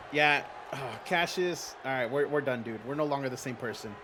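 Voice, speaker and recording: Over a noisy background, a man speaks at normal speed in a mid-range voice while hosting a fantasy wrestling league stream. Chatty and playful, he commentates a wrestling game and talks right to his chat viewers.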